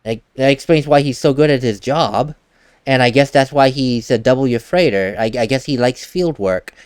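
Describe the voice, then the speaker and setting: A man's voice: mid-range voice, moderate pace, darkish tone, smooth, no room sound, studio quality. A man giving casual gameplay commentary as a let's play host, chatty and laughing at himself, at a desk mic at home.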